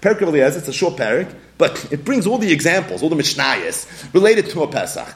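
A man with a Yeshiva English accent teaching a Talmud class, animated and acting out little scenes in different voices. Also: on the high side, fast.

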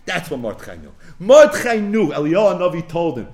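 A man's voice: on the high side, sing-song, a little fast, a little mellow. A man teaching a religious class, telling a story animatedly and weaving Hebrew phrases into his English. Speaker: Torah teacher.

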